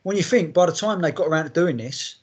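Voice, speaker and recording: A man's voice: on the high side, fast, breathy edge. A man hosting a music podcast, rambling enthusiastically and swearing freely as he talks. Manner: rambling, heavy swearing, enthusiastic fan talk. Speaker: podcast host. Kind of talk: casual chat.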